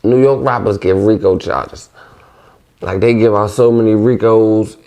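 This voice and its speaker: Low gravelly-voiced young D.C.-man. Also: steady tone, unhurried, darkish tone. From Washington D.C. area. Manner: loose, rambling, heavy on slang. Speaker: vlogger. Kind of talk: casual monologue.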